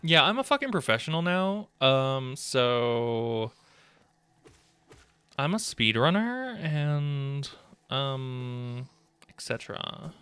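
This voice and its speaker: A man's voice: medium pitch, very animated, slow, sharp tone, smooth, no echo. Rambling, joking male game streamer. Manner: rambling, joking, swears often. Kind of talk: casual live gameplay commentary. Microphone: desk microphone.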